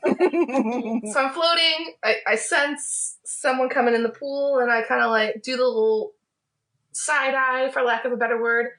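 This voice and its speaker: A woman with a slightly high voice describes her turn in a tabletop role-play. She rambles, laughs often and leans on fillers. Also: measured pace, a bit bright. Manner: giggly, rambling, lots of fillers. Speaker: player.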